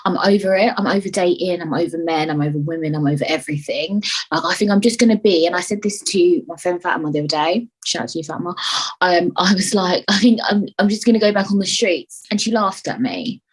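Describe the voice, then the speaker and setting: Young woman ranting on her podcast, husky voice, swears a lot, keeps jumping into silly voices. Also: on the low side, a little fast, poor audio. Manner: animated, swears freely, jumps between voices. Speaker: podcast host. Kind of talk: casual solo podcast chat.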